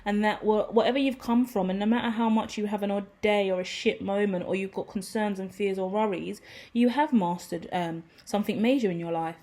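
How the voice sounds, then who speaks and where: A woman giving a casual, rambling tarot reading to her viewers, excitable, swearing freely and laughing at herself. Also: mid-range voice, fairly quick. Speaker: tarot reader.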